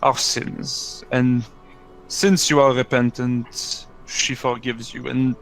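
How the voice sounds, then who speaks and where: A man voicing a cleric who consoles a sinner in slow, halting, earnest words. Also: medium pitch, flat delivery, gravelly, a bit bright, faint music behind, rough recording. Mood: consoling.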